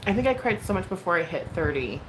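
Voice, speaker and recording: A woman in her thirties speaks to her livestream viewers in a low, frank voice, stumbling through likes and ums and swearing without a second thought. The recording carries a clear layer of background noise. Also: very animated, fast. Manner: candid and emotional, swears freely, many likes and ums. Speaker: livestream host. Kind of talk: casual livestream chat.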